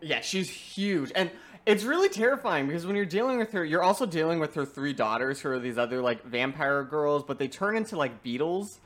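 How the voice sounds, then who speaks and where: Animated young man, laughing gamer chat. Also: a little high. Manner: animated, laughs often, quick bursts. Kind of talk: casual chat about video games.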